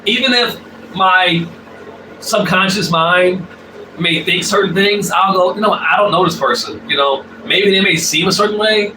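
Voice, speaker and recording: A man's voice: sits high, moderate pace, background noise. A man talking casually in a blunt, profane monologue, repeating himself and using many fillers. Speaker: spiritual vlogger. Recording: roomy, distant mic with faint ambience.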